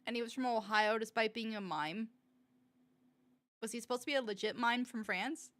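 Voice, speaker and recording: Bright excitable woman streamer. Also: a little high, normal speed. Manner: excitable, giggly, exclaiming. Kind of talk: live reaction commentary.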